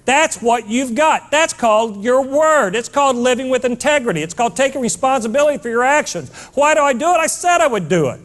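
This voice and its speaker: A man's voice: very high voice, expressive, brisk, hardly any pauses, fairly bright tone. A man giving a blunt, fired-up motivational keynote to a live audience, scolding and hammering points with repetition.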